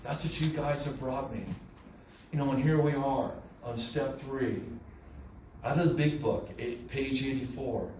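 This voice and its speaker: A man's voice: mid-range voice, measured pace, a little mellow. A man telling his own recovery story at a meeting, candid and conversational, with many fillers and restarts. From southern California. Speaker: AA meeting speaker. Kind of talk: personal recovery share. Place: meeting room. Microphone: room recording from a distance. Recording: echoey room, distant mic, faint noise.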